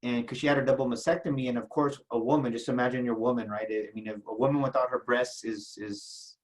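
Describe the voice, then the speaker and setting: A middle-aged man from South Texas, an entrepreneur guest telling a personal story in an interview, halting and repeating words as emotion rises. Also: mid-range voice, fairly even intonation, rough recording.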